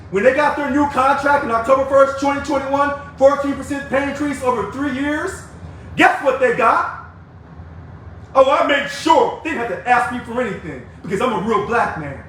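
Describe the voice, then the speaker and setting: A man's voice: extremely high pitch, a bit bright. An angry man giving a combative, preachy video rant to union members, calling people out and taunting them. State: angry, fired up. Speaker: union activist addressing members. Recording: echoey, distant mic with faint noise.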